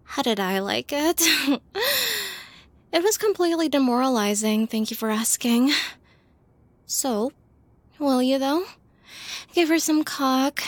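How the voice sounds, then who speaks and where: High, slow, sighing woman in role-play. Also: expressive, no echo. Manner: sighing, wry and self-mocking. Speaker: audio role-play performer. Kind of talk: scripted adult audio role-play.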